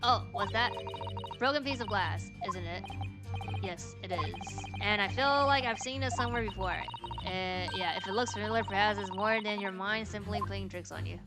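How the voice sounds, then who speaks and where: A woman's voice: mid-range voice, moderate pace. Woman, game streamer, reads dialogue aloud, talks to herself, game music underneath. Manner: thinks aloud, reads game lines in a plain voice. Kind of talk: let's play with read-aloud dialogue.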